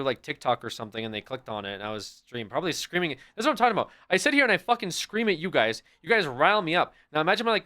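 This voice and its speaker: A man livestreaming and chatting casually with his viewers in a rambling, profane, animated way. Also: mid-range voice.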